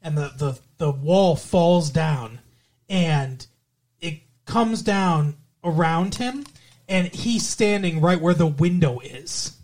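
A man's voice: fairly high pitch, expressive, slow pace, a little mellow. A man co-hosting a podcast in casual chat, joking crudely and laughing at his own jokes. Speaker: podcast co-host.

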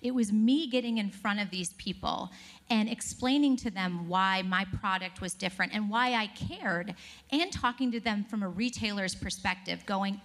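On stage before a live audience, a woman tells animated stories and laughs as she addresses the crowd. Her voice is medium in pitch, and she speaks at a normal speed.

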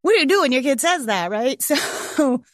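A woman's voice: high voice, big pitch swings, fairly quick, dry recording. A woman in her forties, a homeschooling mother, telling a personal story to viewers in a candid, casual way, close to tears, swearing and laughing often.

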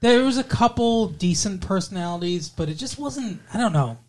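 A man's voice: high voice, animated, normal speed, darkish tone. A man hosting a casual podcast chat, rambling, trailing off and correcting himself as he goes. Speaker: podcast host.

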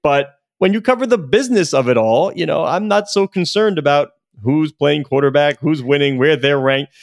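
A man's voice: fairly high pitch, moderate pace, gravelly, no echo, clean studio sound. A man co-hosting a podcast in a casual chat, self-deprecating and joking. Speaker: podcast co-host, business journalist.

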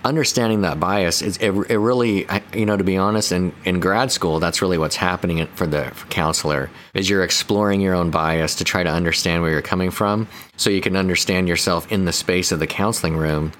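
Deep voiced counselor guy chatting on a podcast, kinda rambly. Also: brisk, hardly any pauses, a bit bright, a little hiss or hum. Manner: rambling, laughs easily. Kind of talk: casual conversational podcast.

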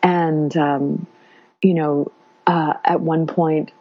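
Low, husky woman telling a story. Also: flat delivery, drawn-out words, no room sound. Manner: warm, meandering, many fillers. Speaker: guest sharing birth story. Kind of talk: casual interview storytelling. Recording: dull lo-fi sound.

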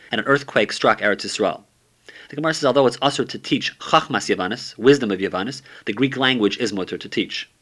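A man's voice: medium pitch, pushed and bright. A man teaching a summary of a Talmud page, reading steadily and using many Hebrew and Aramaic terms.

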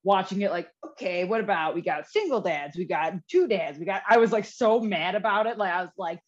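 A woman's voice: medium pitch, brisk. A young woman co-hosting a podcast in casual chat, rambling and peppering her talk with "like". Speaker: podcast co-host. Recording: dull lo-fi sound.

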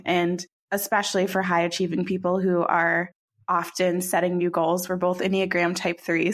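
Encouraging woman podcast host. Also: on the low side. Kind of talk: podcast interview.

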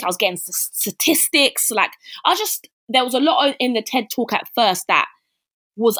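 A woman's voice: medium pitch, fairly bright tone. A young woman, a podcast guest talking casually and full of fillers, acting out her own past remarks as she tells her story. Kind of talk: casual interview chat.

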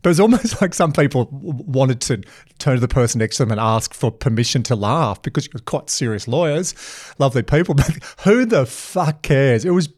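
A man hosting a podcast, telling stories with animated energy and acting out the voices of the people he quotes. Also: medium pitch, fairly quick, dry recording. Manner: animated storyteller, mimics voices when retelling. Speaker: podcast host. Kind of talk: casual podcast conversation. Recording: dry close mic, faint guitar music.

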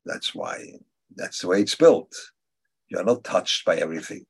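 A man teaching a religious class, answering students' questions in a halting, thoughtful way and repeating key phrases for emphasis. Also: low-pitched, huge pitch swings, gravelly, slightly rough.

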